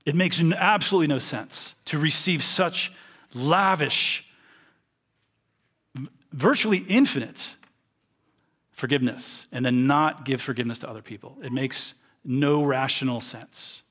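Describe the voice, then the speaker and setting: A man's voice: mid-range voice, a little slow, pauses often, a bit bright. A man preaching a sermon, reading a parable aloud and explaining it earnestly. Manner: earnest, reads scripture aloud then explains it.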